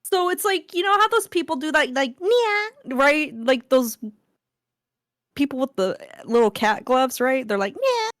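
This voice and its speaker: A woman's voice: sits high, moderate pace, a bit bright, dry recording, clean studio sound. A woman guesting on a podcast, playful and giggly, teasing as she chats. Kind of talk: casual chat.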